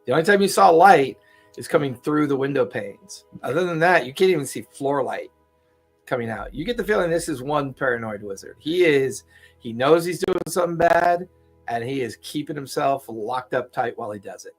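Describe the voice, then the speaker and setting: A man's voice: medium pitch, lively intonation, moderate pace, faint music behind. A man running a tabletop game as game master, describing scenes steadily with the odd filler "uh".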